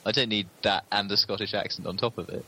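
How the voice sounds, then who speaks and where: A man's voice: on the low side, fairly even intonation, fast, sharp tone, rough recording. A man co-hosting a podcast, explaining ideas patiently in an agreeable casual chat. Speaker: podcast co-host.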